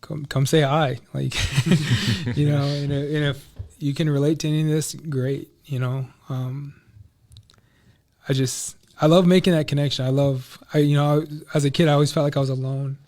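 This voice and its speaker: Guest, male, pitched a touch high; loose, rambling storyteller. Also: steady tone, moderate pace, a little mellow. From Minneapolis, USA. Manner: loose and rambling, heavy on "like" and "you know". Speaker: podcast guest. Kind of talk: casual personal storytelling.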